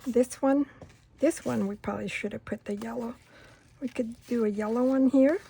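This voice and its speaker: A middle-aged woman hosting a crafting video, chatting unhurriedly and rambling through a story while she works, sometimes going soft and near-whispery. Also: a little high, moderate pace, vocal fry, husky. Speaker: craft channel host. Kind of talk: casual crafting tutorial chat.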